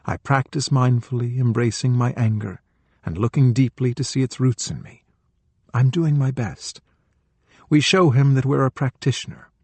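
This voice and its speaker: Husky-voiced man narrating an audiobook. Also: mid-range voice, steady tone, moderate pace, darkish tone, no room sound. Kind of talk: calm scripted narration of a spiritual book.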